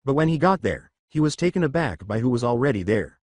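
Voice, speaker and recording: A man narrating a fan fiction story in a steady reading voice. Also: mid-range voice, fast, no room sound.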